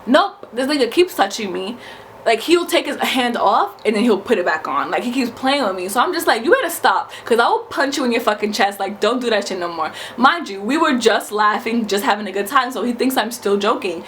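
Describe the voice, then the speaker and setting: Young new york girl ranting a storytime vlog, cussing a lot, kinda high voice, faint hiss. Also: a little fast. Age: 20s. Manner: animated, profane, emphatic. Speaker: vlogger.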